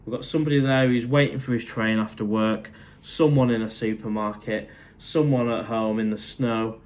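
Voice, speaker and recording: A middle-aged man with a Mancunian accent, from Manchester, England, hosts a casual live stream from his condo. His mid-range voice keeps a fairly even intonation at a moderate pace as he reads out viewers' comments and responds in a friendly manner, calling them mate.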